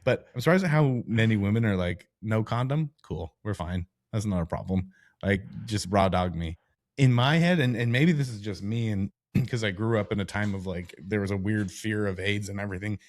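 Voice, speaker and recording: A middle-aged man co-hosting a podcast in casual book club chat, frank and joking, his voice jumping high when he is incredulous. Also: brisk. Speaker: podcast co-host.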